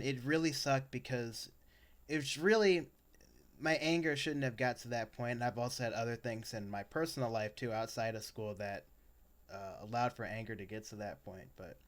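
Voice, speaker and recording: A man's voice: medium pitch, fairly bright tone. A young adult man co-hosting a podcast, telling personal stories in a casual chat that rambles, with lots of fillers and restarts. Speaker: podcast co-host.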